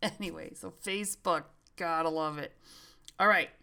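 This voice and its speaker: A woman's voice: low-pitched, normal speed, creaky, sharp tone, clear, resonant tone. A middle-aged woman hosting a podcast, telling stories in a chatty way and laughing often. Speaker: podcast host. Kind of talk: casual chat.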